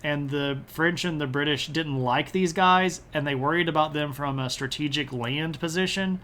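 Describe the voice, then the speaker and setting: Male history streamer, slightly high voice, casual and jokey, answers chat, chuckles. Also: pushed and bright. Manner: joking, does quick silly voices for nations.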